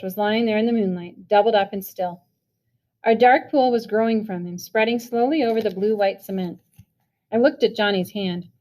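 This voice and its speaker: A woman reading a novel chapter aloud. She narrates evenly, in a storytelling manner. Her voice sits at a middling pitch. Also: darkish tone. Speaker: reader.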